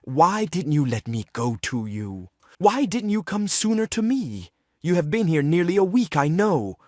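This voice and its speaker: A man's voice: medium pitch, animated, a little slow, no room sound, studio quality, natural voice. A man reading the role of a despairing, lovesick young writer in a play reading, earnest and pleading. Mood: yearning.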